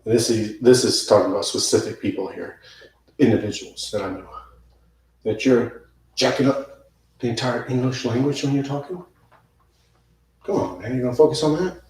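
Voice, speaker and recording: With long pauses, a normal speed and a slightly mellow, medium-pitched voice, a yoga teacher talks to the camera off the cuff. He rambles, fixes his own wording and uses casual slang, sounding distant in a very echoey room.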